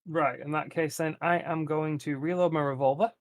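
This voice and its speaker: A man playing a tabletop game, joking and animated in banter. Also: on the high side, normal speed, no room sound. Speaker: player. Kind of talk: tabletop role-play banter.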